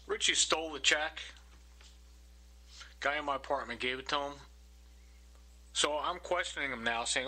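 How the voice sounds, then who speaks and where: A man's voice: a little high, normal speed, long pauses, sharp tone, slightly rough, poor audio. A man narrating over his own recordings, indignant and accusing, repeating his complaint.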